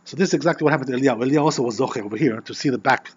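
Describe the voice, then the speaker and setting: A man who is a rabbi teaching an informal Torah class, animated and constantly checking in with "you know" and "right?". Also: mid-range voice, rapid-fire, slightly rough, muffled recording.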